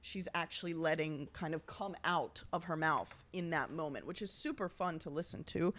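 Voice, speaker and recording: A woman's voice: sits low, moderate pace, fairly bright tone. A woman who is an opera singer and vocal coach talks casually as she reacts to a recording. She has a mezzo voice and sings short phrases here and there to show a technique.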